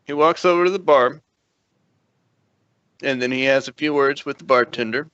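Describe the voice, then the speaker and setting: A man's voice: mid-range voice, moderate pace, a bit bright, smooth, no echo. A man narrating as dungeon master in an easygoing way, laughing often, on dull lo-fi audio. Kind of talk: narrating a tabletop game. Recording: dull lo-fi dry stream audio.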